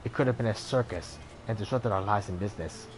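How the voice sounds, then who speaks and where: A man's voice: fairly low pitch, fast, faint music behind, lightly acted. Man voicing a grave, stern spokesman.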